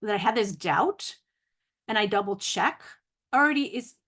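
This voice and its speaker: Woman, casual online teacher, mid pitch, careful over hard words, corrects herself freely. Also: expressive, moderate pace, a bit bright. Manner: thinking aloud, self-correcting, laughs at own slips; careful, spelled-out pronunciation of long words. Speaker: language teacher. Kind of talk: casual video lesson.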